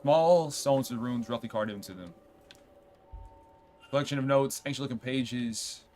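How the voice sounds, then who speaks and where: A man streaming a game, chatting casually, reading on-screen text aloud and reacting with quick outbursts. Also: mid-range voice, a little mellow, faint music behind. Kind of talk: casual let's-play commentary.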